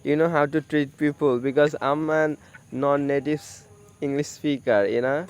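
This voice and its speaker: A man from Bangladesh who teaches English, chatting in friendly, halting non-native English full of "you know.". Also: on the high side, fairly even intonation, clear, resonant tone. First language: Bengali. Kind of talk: casual chat.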